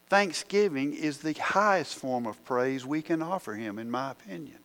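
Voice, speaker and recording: A man's voice: a little high, expressive, moderate pace, gravelly, few pauses, fairly bright tone. A man preaching a sermon, asking the congregation questions as he works through the verses.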